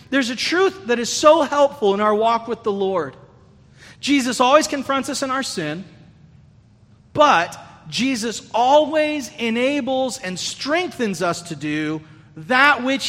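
A male pastor preaching a sermon in an earnest, conversational way, catching and restarting his phrases as he goes. His voice sits high and sounds bright and forceful. The long reverb of a large hall trails after his words.

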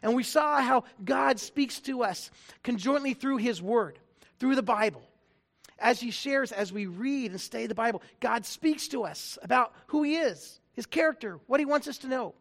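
Very high-voiced male pastor preaching. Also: expressive, normal speed, creaky, fairly bright tone. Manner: conversational, jokey, frequent restarts. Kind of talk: sermon.

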